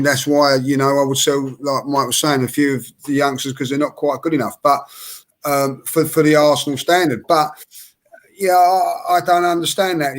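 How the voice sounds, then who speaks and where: A plain-spoken man airing his views on a football podcast. He talks in a direct, old-school way, and his voice climbs as he gets worked up. He sits at a middle pitch. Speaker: podcast panelist. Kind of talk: casual football chat.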